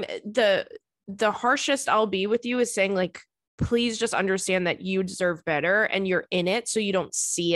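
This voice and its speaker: A woman's voice: medium pitch, dry recording. Woman in her thirties, podcast host giving blunt, sweary advice; dry, close sound. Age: 30s. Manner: blunt, swearing, gets riled up and loud. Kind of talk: casual chat.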